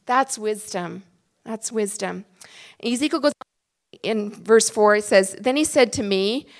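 A woman preaching at a retreat, earnest and emphatic, sometimes dropping to a hushed voice. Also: a little high. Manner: earnest, emphatic, drops to a hush for prayer. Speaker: retreat speaker. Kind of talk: sermon.

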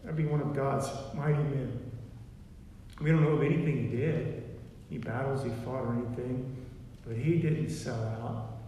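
A man's voice: mid-range voice, moderate pace, pauses often, warm tone, dull audio, a little hiss or hum. A man preaching a sermon in a repetitive, emphatic way, recorded in a church. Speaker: pastor. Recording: echoey hall from far off.

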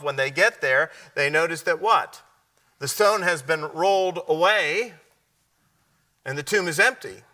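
Bright-voiced man preaching a sermon. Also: medium pitch, recorded from a distance. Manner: asks the audience questions and answers them; drops to a hushed, slow delivery at key points.

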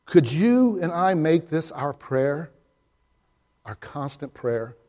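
A male pastor giving a sermon, swinging from loud, high swells to quiet, hushed drops, and reading a story aloud with voices. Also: big pitch swings, slow.

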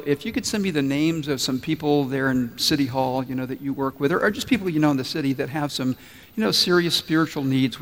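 Male pastor, fairly high voice, earnest storytelling sermon, long church reverb. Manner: earnest storytelling preacher, acts out quotes.

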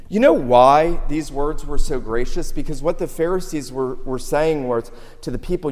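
A man preaching a sermon with earnest intensity, surging loud on key lines and dropping low in between. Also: measured pace. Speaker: pastor. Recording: long reverb of a large hall.

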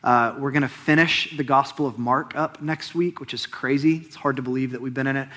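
A man's voice: mid-range voice, fairly even intonation, brisk, a bit bright. A man preaching as pastor, speaking earnestly and reading a long scripture passage aloud with rising emphasis on the quoted words. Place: church.

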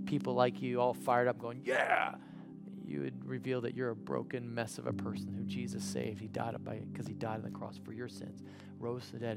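A man preaching a communion sermon as pastor and leading prayer, swinging from loud urgent preaching to soft quiet prayer. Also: medium pitch, creaky.

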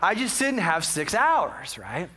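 A male pastor telling a story from the pulpit with a high, bright voice. He talks in a chatty, self-mocking way and adds many small asides to the congregation. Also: very animated, takes it slowly, a faint crowd, slight background noise. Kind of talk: casual storytelling sermon.

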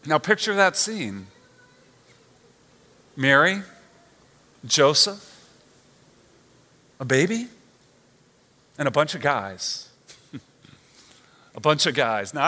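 A man preaching a sermon, conversational and expressive, often checking in with the listeners. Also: high voice, big-room sound. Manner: expressive, conversational, asks the audience "right?". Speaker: pastor.

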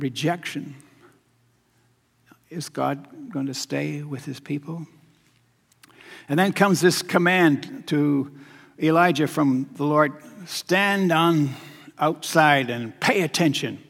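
Gravelly-voiced man preaching a sermon. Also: on the high side. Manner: measured, repetitive, dropping to quiet emphasis. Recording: long hall reverb.

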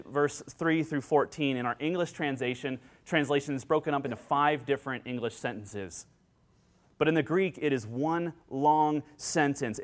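A man preaching a sermon as pastor, earnest and excitable, acting out joyful quotes, speaking into a handheld microphone. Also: a little high. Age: adult with children.

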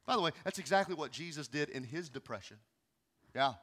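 A man in his thirties, a pastor preaching a sermon, moving from quiet, hushed passages to loud, pleading ones. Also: a little high, lively intonation, a little fast. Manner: emotional, swings from hushed to loud.

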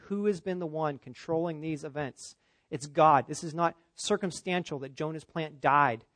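A male pastor delivers an emphatic expository sermon, his fairly high voice pushing up on key points and sinking low for quiet asides. The sound is dry and close. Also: dry recording. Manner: emphatic, rising for stress, dropping low for asides.

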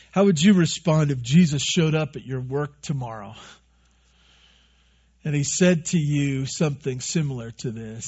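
A pastor preaches in a loose, conversational way, cracking jokes and firing off rhetorical questions at his congregation. His voice sits fairly high for a man and has a husky edge. The recording sounds dull and lo-fi. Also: a little mellow. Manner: conversational, joking, asks many rhetorical questions. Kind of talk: sermon.

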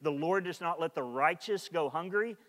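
Male pastor with a slightly high voice, preaching loosely and conversationally, recorded in a reverberant church hall. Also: moderate pace, fairly bright tone. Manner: conversational preaching with many restarts and "like", rising in energy. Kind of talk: sermon.

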